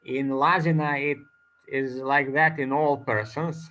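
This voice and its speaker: A man giving an academic conference talk, pausing often with fillers between phrases. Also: medium pitch, fairly even intonation, pushed and bright. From Croatia. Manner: slow, hesitant, many uh fillers between phrases. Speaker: conference speaker, linguist. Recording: dull lo-fi recording.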